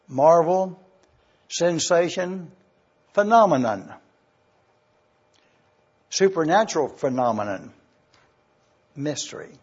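A man preaching a sermon, slow and deliberate as he teaches from Scripture and spells out words. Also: fairly high pitch, husky, muffled recording. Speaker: pastor.

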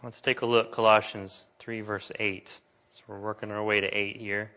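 A man's voice: fairly low pitch, level tone, moderate pace, sharp tone. A man preaching a sermon as pastor, earnest and building to emphatic declarations. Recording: dull lo-fi sound.

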